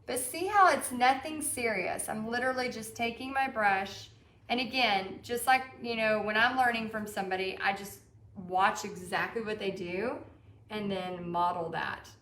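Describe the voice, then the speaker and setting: A woman with a Texan accent, working as a paint party instructor, chats through a live-streamed painting lesson while reading viewers' comments aloud. Her mid-range voice is a bit bright and moves at normal speed, with an echoey room around it.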